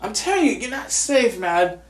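A man's voice: high-pitched, very animated, moderate pace, roomy sound. An angry, grieving man from the United States vents in a profane vlog rant, stammering and repeating himself. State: grieving, furious.

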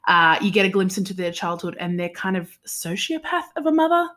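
A woman's voice: mid-range voice, big pitch swings, fairly quick, fairly bright tone. An Australian woman co-hosting a casual book podcast, giggly and rambling, poking fun at herself. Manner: giggly, rambling, self-deprecating. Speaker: podcast co-host. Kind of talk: casual chat.

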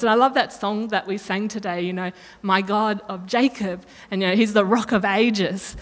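A woman's voice: medium pitch, fairly even intonation, normal speed, few pauses. A woman preaching a sermon in a chatty way, correcting herself and asking the room questions. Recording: long reverb of a hall.

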